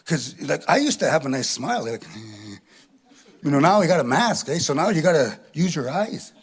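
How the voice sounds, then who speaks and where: A man's voice: on the high side, big pitch swings, moderate pace, slightly rough. A middle-aged man performing a chatty, self-mocking stand-up comedy set, tagging his lines with "eh". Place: live stage before an audience.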